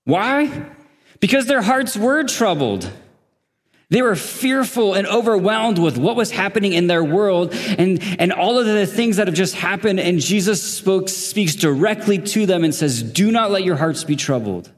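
A man's voice: sits high, animated, a little slow, long reverb tail. A man preaching as a guest at a church service, conversational, with laughing asides and questions to the congregation. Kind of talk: sermon. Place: church sanctuary.

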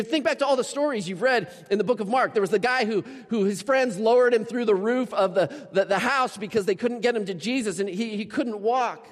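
A male pastor delivering a sermon, his voice sitting a little high for a man and ringing with a long church-hall reverb. He tells stories animatedly, slipping into the voices of the people he quotes.

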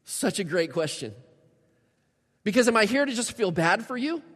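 A man's voice: high voice, very animated, moderate pace, fairly bright tone. Emphatic male pastor in a hall. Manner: emphatic, acts out prayers in a lifted voice. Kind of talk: sermon. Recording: reverberant hall sound.

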